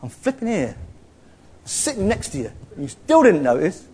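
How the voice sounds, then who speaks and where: A man preaching a lively, jokey sermon to a church. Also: sits high, moderate pace. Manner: animated, jokey preaching with mocking put-on voices.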